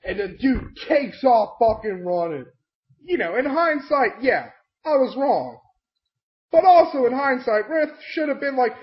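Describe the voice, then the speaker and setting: A young man recapping a tabletop game session, excitable and swearing constantly as he tells the story. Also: extremely high pitch, moderate pace. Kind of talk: profane storytelling rant. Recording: dull lo-fi home mic.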